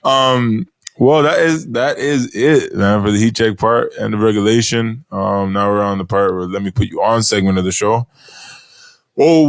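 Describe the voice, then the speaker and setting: Male podcast co-host, low voice, relaxed filler-heavy banter, dry mic. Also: no room sound. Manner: laid-back, many fillers. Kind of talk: casual chat.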